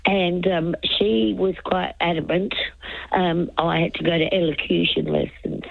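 A woman's voice: on the low side, fairly even intonation, a little slow, no room sound. An older woman calling in to a radio show, rambling and hesitant with lots of fillers, a little tipsy from a few wines. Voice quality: gravelly. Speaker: radio caller. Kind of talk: casual phone chat. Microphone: telephone. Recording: dull lo-fi phone line.

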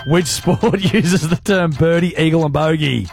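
An Australian man hosting a radio quiz, reading questions briskly and teasing the players. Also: a little high, vocal fry, background noise. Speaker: radio host and quizmaster.

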